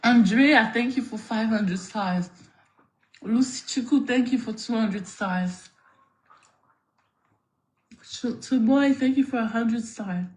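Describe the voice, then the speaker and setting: A woman livestreaming, laughing loudly and thanking viewers for their gifts in a playful, patois-tinged way. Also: on the high side, slow pace, long pauses.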